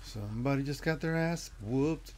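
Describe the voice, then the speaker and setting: A man's voice: medium pitch, normal speed, darkish tone, a little hiss or hum. A man streaming a horror game live, chatting with viewers, swearing casually and yelping at the scares. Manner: jumpy, yelps and laughs at scares, chats with viewers.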